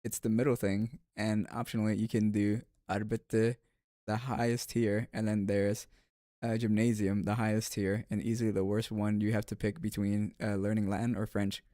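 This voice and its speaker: A man's voice: on the low side, flat delivery, normal speed, dark tone, no echo, studio quality. A man streaming and chatting casually with viewers, rambling with frequent restarts and filler words. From United States.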